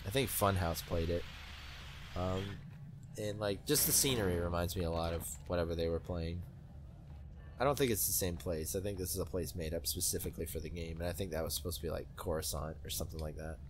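A young man giving excitable, rambling commentary while playing a video game, with many fillers. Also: low-pitched, a little fast, background noise. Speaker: let's play host. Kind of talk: gaming commentary.

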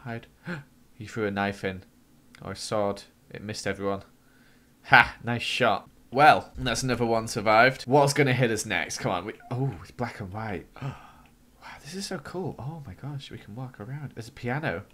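A young man narrates his gaming session in a bright, forward voice. He reacts jumpily, gasping and yelping into high squeals whenever something scares him, then settles back into quick, chatty commentary. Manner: jumpy, squeals and gasps when startled. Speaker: gaming YouTuber. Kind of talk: excitable let's-play commentary.

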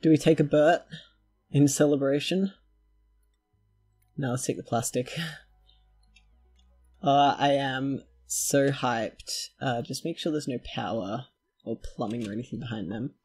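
A man giving chatty gameplay commentary, talking to himself and his characters and quickly getting excited. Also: mid-range voice, husky, soft background music. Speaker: let's play host.

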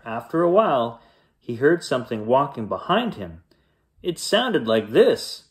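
A man reads a children's bedtime story aloud, playfully acting out footsteps and noises. His pitch moves a great deal, and he takes an unhurried pace, with a mid-range voice. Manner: animated, playful read-aloud with sound effects.

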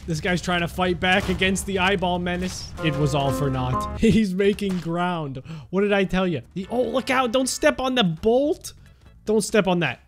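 A young man giving jokey, excited commentary on a sandbox game, crying out at the action. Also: high voice. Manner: animated, jokey, cries out at on-screen action. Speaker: gaming YouTuber.

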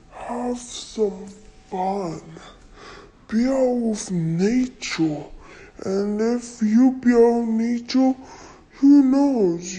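Woman doing a slow old rambling turtle. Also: a little high, dark tone, poor audio.

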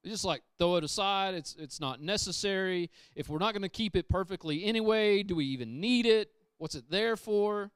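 A male pastor delivers a sermon in a smooth, resonant voice pitched a little high. He drives points home through repetition, swinging between forceful emphasis and quiet intensity. The sound is close and dry, with little room echo. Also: moderate pace, few pauses. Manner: emphatic, repeats phrases, shifts from loud to hushed. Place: church sanctuary.

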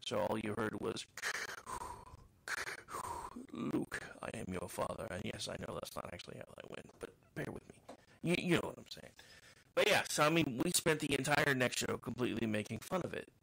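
A man's voice: medium pitch, animated, fast talker, creaky, fairly bright tone, a little hiss or hum. A middle-aged man with a trained radio voice, hosting a podcast and telling a long, rambling, self-mocking story full of restarts. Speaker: podcast host. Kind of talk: casual monologue.

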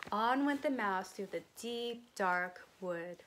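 A woman teacher reading a picture book aloud to a child, expressive, pausing to ask questions. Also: medium pitch.

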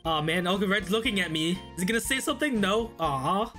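A young man records let's-play commentary, swinging his voice up and down as he reacts with exasperation. His tone is bright and forward, and faint music plays behind him from the game. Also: fast talker, hardly any pauses. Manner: reacts loudly with exasperated outbursts; reads game text in a flat, lowered voice. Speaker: gaming YouTuber.

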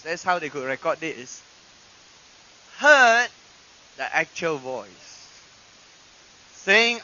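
High, sharp-voiced preacher, dull archive tape. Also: male voice. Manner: dramatic swings between loud proclamations and hushed asides. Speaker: pastor. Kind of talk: sermon. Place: church. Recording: dull lo-fi archive recording with hiss.

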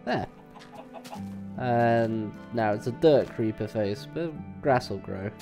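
A man talks through his gameplay in a slow, unhurried way. He rambles and hesitates, filling gaps with ums and uhs. Faint game music plays behind him. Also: fairly low pitch, lively intonation, vocal fry. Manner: hesitant, rambling, many fillers. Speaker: let's play host. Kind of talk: casual gameplay commentary.

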